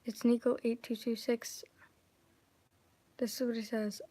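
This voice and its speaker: Young woman, slightly high pitch, chatty and amused, casual reading vlog. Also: steady tone, moderate pace, a little mellow, no room sound. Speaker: vlogger. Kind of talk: casual reading of her own old story.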